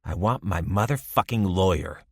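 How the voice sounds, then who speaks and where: A man's voice: low voice, animated, normal speed, vocal fry, darkish tone, slightly rough, no echo, studio quality, full character voice. A man voicing a crude, volatile young male drug dealer in an audiobook, swearing and lashing out. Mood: hostile. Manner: profane, aggressive outbursts. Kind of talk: audiobook character voice.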